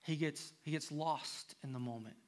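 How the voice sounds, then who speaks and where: In a church, a pastor with a fairly high-pitched voice preaches at a moderate pace. He reads scripture aloud, then builds toward an emphatic, impassioned appeal.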